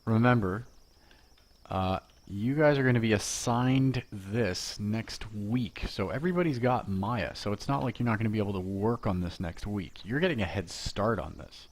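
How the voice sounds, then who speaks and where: A man teaching a casual software lesson from home, chatting and joking while he works and talking to himself as he goes. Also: lowish voice, moderate pace.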